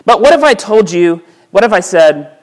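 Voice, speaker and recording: In a church sanctuary, a male pastor preaches in a conversational style, his voice high-pitched and sing-song at a normal speed. He poses rhetorical questions to his listeners and restarts phrases by repeating words.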